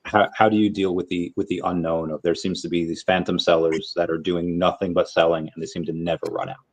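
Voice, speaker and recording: A man's voice: low-pitched, little pitch movement, fairly quick. A man asking a hesitant question, stumbling over his opening words.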